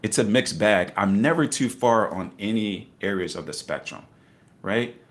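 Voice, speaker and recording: Low-pitched guy on a podcast, emphatic, keeps repeating his point. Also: moderate pace. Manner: animated, emphatic, repeats key phrases, bursts of laughter. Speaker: guest investor. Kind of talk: casual podcast conversation.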